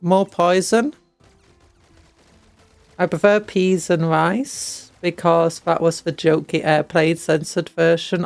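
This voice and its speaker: A British woman streamer talks through a game at an unhurried pace. She reads the upgrades aloud and drops jokey asides. Her voice has a gravelly fry, and it sits dry and close on the mic over faint music. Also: on the low side, dry recording. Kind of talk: casual gameplay chat.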